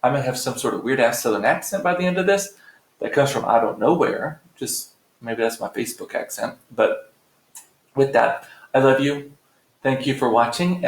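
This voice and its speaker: A middle-aged man hosting a live stream, chatting casually and rambling to his viewers with playful swearing. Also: medium pitch. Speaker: livestream host. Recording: roomy echo.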